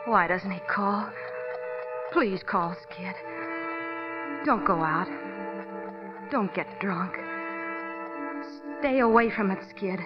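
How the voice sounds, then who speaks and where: Actress playing a lovesick young burlesque wife. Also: female voice, medium pitch, slow, long pauses, music in the background, close to an everyday voice. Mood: anxious. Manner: anxious, pleading then tender. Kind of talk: 1950s radio drama acting. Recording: dull old radio broadcast.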